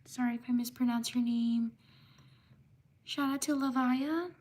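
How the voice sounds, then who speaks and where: A woman on a live stream with a high voice, working through names at a slow, careful pace. She slips in hurried apologies when she's unsure how a name is said. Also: steady tone, a little mellow. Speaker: livestream host. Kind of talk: live stream shout-outs to viewers.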